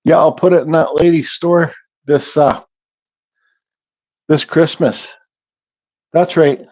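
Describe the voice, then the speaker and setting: Working away in his home workshop, this man hosts an easygoing livestream and reads his chat aloud. His fairly high voice moves at a slow pace, his relaxed speech tends to mumble, and the audio is lo-fi.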